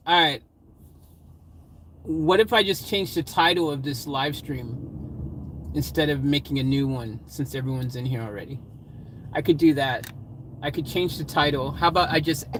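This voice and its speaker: A man's voice: mid-range voice, a bit bright, a little hiss or hum. A man hosting a casual live stream from his van, joking and chatting with viewers in the live chat. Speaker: livestream host.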